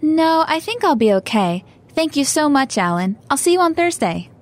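A woman's voice: high-pitched, very animated, normal speed. A woman voicing a polite young university student in a scripted dialogue for a language lesson. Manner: polite, earnest.

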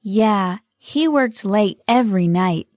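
A woman's voice: a little high, animated, normal speed, darkish tone, no room sound, studio quality, close to an everyday voice. A woman playing a polite young student. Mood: slow, clear. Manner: polite, earnest. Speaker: voice actor in a language lesson dialogue.

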